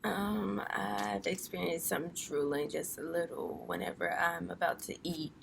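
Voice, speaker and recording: A woman answering questions in a clinical speech assessment, with brief soft replies that fade out. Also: on the low side, unhurried, creaky, slight background noise. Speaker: client being assessed.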